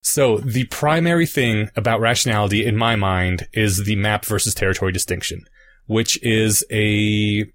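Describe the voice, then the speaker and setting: A man's voice: on the low side, normal speed, fairly bright tone. A man co-hosting a podcast, patiently explaining ideas through everyday analogies in casual chat. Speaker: podcast co-host.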